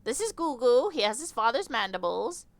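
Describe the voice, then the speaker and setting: A woman voicing an impatient, sarcastic insect mother with mandibles, speaking in a haughty, hurried way. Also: fairly high pitch, big pitch swings, gravelly, dry recording, voice pushed up.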